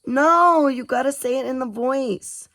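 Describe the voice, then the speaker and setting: A man voicing an excitable, pushy little girl who shouts and giggles in a storybook reading. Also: sits high, measured pace, no room sound, voice pushed up, full character voice. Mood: insistent.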